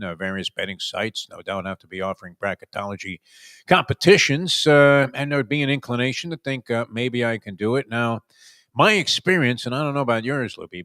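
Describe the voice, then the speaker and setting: A man's voice: fairly low pitch, bright, forceful tone, no echo, studio quality. A middle-aged man hosting a casual sports talk show, wry and sarcastic, rambling with plenty of fillers.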